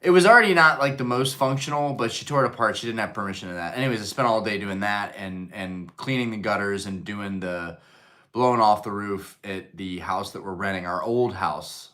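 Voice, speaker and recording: A man's voice: lowish voice, a little fast, a bit bright. Rambling male live stream host. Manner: rambling, lots of fillers, reads and answers chat. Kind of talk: casual chat on a live stream.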